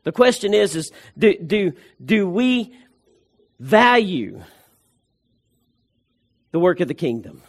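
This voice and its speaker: Preaching slowly with long pauses and big pitch swings, a high-voiced male pastor drives his points home hard. He repeats phrases for emphasis and trips into restarts as he goes.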